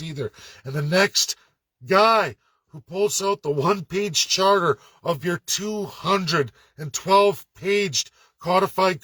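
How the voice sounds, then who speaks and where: A man's voice: high voice, fairly bright tone, dry recording. Sarcastic ranting man, dry sound. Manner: blunt, sarcastic and profane, mocking put-on voices. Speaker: political commentator. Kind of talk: angry rant to camera.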